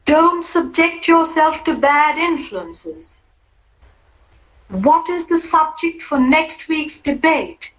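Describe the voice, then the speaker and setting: A woman's voice: sits high, expressive, slow pace, a bit bright, poor audio. A woman reading example sentences for a language-lab exercise, carefully enunciated.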